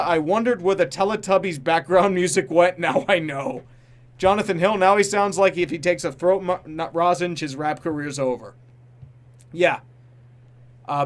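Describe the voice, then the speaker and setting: A man on a casual live stream, reading out viewer donations and reacting bluntly, laughing often and tripping over names. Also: fairly high pitch. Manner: reads donor names and messages aloud, then reacts with blunt comments.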